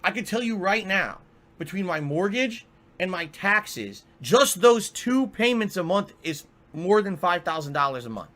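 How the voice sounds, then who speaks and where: A man's voice: high-pitched, very animated, a little slow, a bit bright. A male streamer in an angry, profane rant, exasperated and repeating himself.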